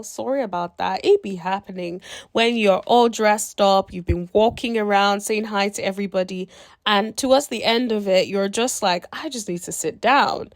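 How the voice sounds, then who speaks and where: Sassy animated woman recapping reality TV. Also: a little high, no room sound. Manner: sassy, animated, acts out quotes of the cast. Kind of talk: casual commentary.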